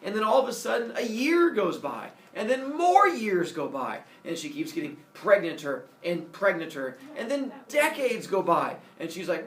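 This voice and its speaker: A man's voice: a little high, brisk, slight background noise. A man telling a Greek myth as a comic classroom lesson, doing silly voices for the characters. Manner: animated, does silly voices for each character. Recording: echoey room from far off, faint ambience.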